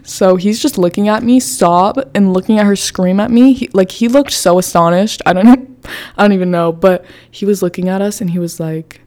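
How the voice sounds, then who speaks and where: A woman's voice: mid-range voice, fairly quick, darkish tone. A woman in her twenties, a podcast host casually telling a story with lots of fillers and swearing.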